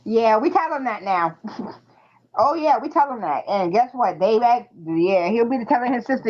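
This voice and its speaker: Woman, fairly high voice, lively storyteller, dull lo-fi call audio. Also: moderate pace. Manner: animated storyteller, laughs often, acts out children's voices in quotes. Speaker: guest on a live stream. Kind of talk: casual chat. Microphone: live-stream call microphone.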